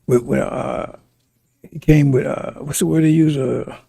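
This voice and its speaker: A man's voice: on the high side, steady tone, measured pace, creaky, dark tone, breathy edge, dry recording. A man preaching a sermon in an emphatic, repetitive way, often turning to ask his listeners if they understand.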